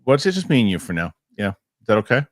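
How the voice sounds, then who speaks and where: A man's voice: fairly low pitch, sing-song, fast talker, no room sound, clean studio sound. A man hosting a casual podcast chat, jokey and rambling. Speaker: host. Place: New York studio.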